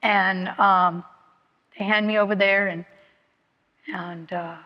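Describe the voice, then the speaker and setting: A woman tells her own story at a recovery meeting, frank and halting, often restarting her sentences and filling pauses. Her voice sits at a middle pitch. It carries a long reverb from a large meeting hall. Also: steady tone, lo-fi sound. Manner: candid, halting, many fillers and restarts. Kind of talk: personal testimony.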